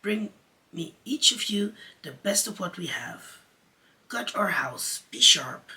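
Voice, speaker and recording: A bossy, excitable boy leader in a storybook, snapping out brisk commands in a raised, bright voice, as a man who performs in drag reads him. He is always in charge, and the voice sits a little back from the microphone. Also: high voice, recorded from a distance, pitched above the performer's own voice, full character voice. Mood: commanding.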